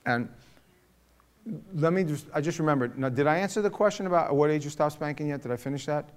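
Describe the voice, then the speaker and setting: A middle-aged man leading a casual parenting talk to a group, telling stories in a lively, animated way. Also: on the high side, quick pace, smooth.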